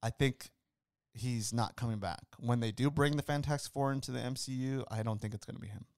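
A man's voice: mid-range voice, brisk, darkish tone, no room sound, studio quality. A man co-hosting a casual podcast chat, rambling through confident opinions. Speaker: podcast co-host.

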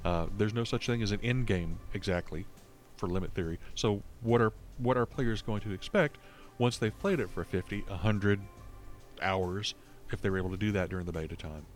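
A man's voice: fairly low pitch, normal speed, faint music behind. A man co-hosting a casual gaming podcast over an online call, thinking aloud in long, rambling turns full of restarts. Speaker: podcast co-host. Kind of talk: casual chat.

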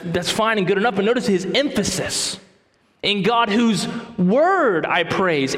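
A man's voice: high-pitched, fairly bright tone. A man preaching a sermon as pastor, with emphatic delivery that repeats key phrases. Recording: echoey hall with long reverb.

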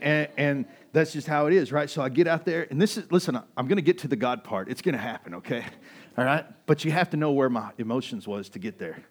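A man preaching through a personal story, full of emphasis and energy. His voice sits at a middle pitch and drops to near-whispers before climbing to loud, fervent peaks. It sounds like an unscripted sermon. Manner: animated, emphatic storyteller with swings between hushed and loud.

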